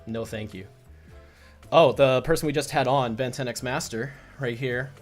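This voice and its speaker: A man's voice: medium pitch, normal speed, faint music behind. A man hosting a casual livestream as a comic creator, chatty and rambling, full of restarts.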